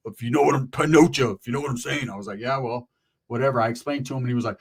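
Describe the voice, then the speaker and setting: A man's voice: medium pitch, racing, slightly rough. A middle-aged man telling a story and giving commentary as a channel host, casual and profane, full of streetwise slang and emphatic asides.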